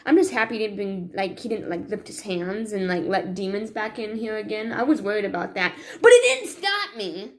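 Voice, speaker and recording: A woman's voice: mid-range voice, steady tone, brisk, hardly any pauses, a little hiss or hum. A woman talking to her viewers in a rambling, self-critical confessional vlog, full of restarts and sighs. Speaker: vlogger.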